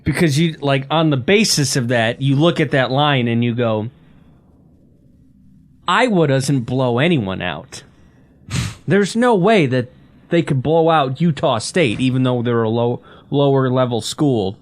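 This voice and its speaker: A man's voice: mid-range voice, normal speed. A man co-hosting a casual sports podcast, joking and swearing through banter about bets. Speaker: podcast co-host.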